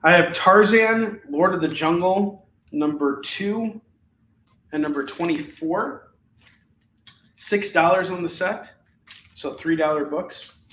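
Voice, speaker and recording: A man's voice: high voice, slow, long pauses, fairly bright tone, roomy sound, a little hiss or hum, rough recording. A man hosting a live shopping stream, casually rattling off comic books and their prices, with frequent fillers and restarts. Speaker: live shopping show host. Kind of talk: live comic sales pitch.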